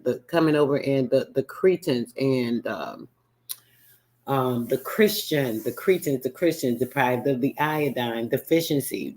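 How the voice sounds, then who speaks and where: A man hosting a radio show, casually reacting to a recording he plays, thinking aloud and excitable, with asides and restarts. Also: mid-range voice.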